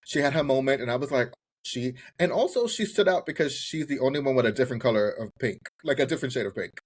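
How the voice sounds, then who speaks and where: A man co-hosting a podcast, chatting casually about a TV show in an animated, jokey way. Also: mid-range voice, fast talker, husky. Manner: animated, jokey, does exaggerated voices for quoted people. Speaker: podcast co-host. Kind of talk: casual chat reviewing a TV show.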